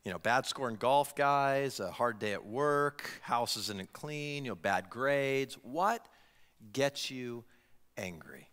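A man preaching a sermon as pastor, talking in an animated way and putting direct questions to his congregation. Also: medium pitch, takes it slowly, smooth, in a large hall. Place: church sanctuary.

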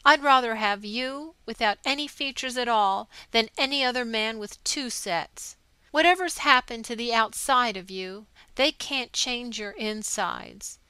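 A woman's voice: on the high side, sharp tone, clear, resonant tone, no room sound, rough recording. A woman reading aloud a young sweetheart's earnest, tender letter to her wounded soldier.

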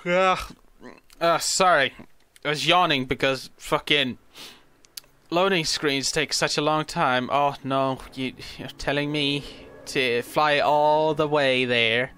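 A man's voice: a little high, slow pace, pushed and bright, clean tone. A young man giving casual, rambling gameplay commentary, stammering and swearing freely as he plays. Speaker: gaming video host.

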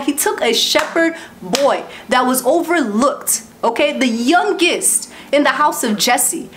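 High-voiced woman preaching with animated warmth. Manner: lively, preachy, laughs between points, repeats herself. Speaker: Christian YouTuber giving an exhortation. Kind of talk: casual spoken exhortation and prayer.

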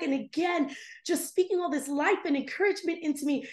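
A woman guest on a podcast interview, telling a personal story with animated, expressive delivery and acting out her own past dialogue. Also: extremely high pitch, moderate pace, echoey room.

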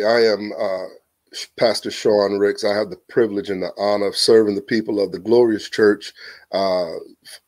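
A man in his forties from Virginia with a Southern accent, a pastor guesting on a church podcast, animated and telling stories with quick restarts. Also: lowish voice, no room sound. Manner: animated, exclamatory, storytelling, frequent restarts. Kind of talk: casual church podcast interview.

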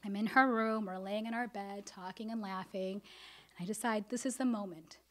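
A woman telling a personal story on stage, animated and expressive, acting out what her family said. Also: medium pitch, moderate pace. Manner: animated, acts out family dialogue. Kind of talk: live storytelling performance.

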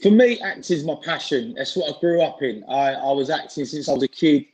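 A man in his forties talks casually, his voice sitting a touch high. He rambles through stories with plenty of fillers and restarts, speaking over a video call. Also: animated, a little fast, a little mellow, low-quality recording. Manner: chatty, informal, frequent fillers and restarts. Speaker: interview guest, singer and actor. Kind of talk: casual chat.

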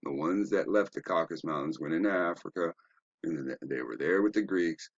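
A man's voice: deep voice, a little fast, slightly rough, dry recording, lo-fi sound. A man giving a rambling, profane, preachy commentary while browsing web pages, asking rhetorical questions. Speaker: online commentator.

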